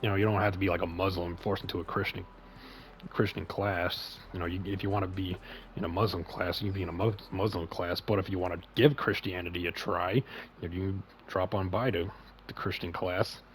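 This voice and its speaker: A man's voice: deep voice, fairly even intonation, fairly quick, slight background noise. A man hosting a casual chat stream, rambling with lots of fillers and heavy swearing. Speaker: podcast host and streamer.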